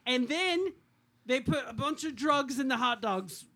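High, bright brash improviser. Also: animated, measured pace. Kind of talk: improv scene.

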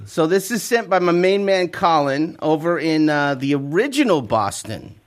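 Podcast host, man, pitched a touch high, crude and quick to laugh, casual studio chat. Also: animated. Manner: profane, laughing, loose storytelling.

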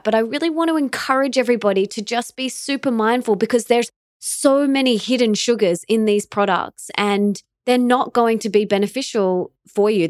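A woman's voice: on the high side, no echo, studio quality. A woman hosting a podcast, talking earnestly and encouraging listeners, sharing stories in a conversational way. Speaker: podcast host.

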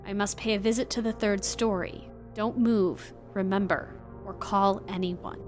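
An imperious gentleman of the house, short-tempered and used to being obeyed, as a woman reader voices him. He fires off demands and orders in an audiobook reading. Soft music plays faintly behind. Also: medium pitch, steady tone, a little slow, close to an everyday voice. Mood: commanding. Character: brusque commanding gentleman of the house, man. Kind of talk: audiobook character voice.

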